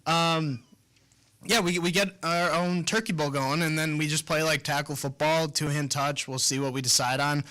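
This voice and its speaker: A man's voice: fairly high pitch, steady tone, normal speed, pushed and bright. A man in his twenties co-hosting a casual sports talk show, laid-back and rambling with lots of fillers. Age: 20s.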